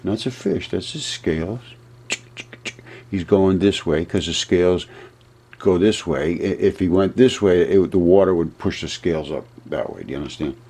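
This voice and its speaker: A man talking through a map in a casual, rambling monologue, often laughing at his own ideas and getting excited. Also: deep voice, normal speed, breathy edge. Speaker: video presenter.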